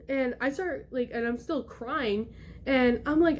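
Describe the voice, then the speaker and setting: A young woman vlogger recounts a personal story in casual conversation, lively and acting out the voices of people she quotes. Her voice sits high and she talks at a normal speed.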